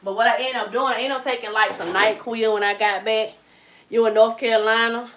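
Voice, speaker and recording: A Georgia mom who vlogs chats casually with viewers on a live stream from her home kitchen. Her voice is on the high side and a little fast, with a relaxed, drawling Southern US accent and a chatty manner. She's recorded on a phone on a tripod, and the kitchen sounds echoey with faint noise.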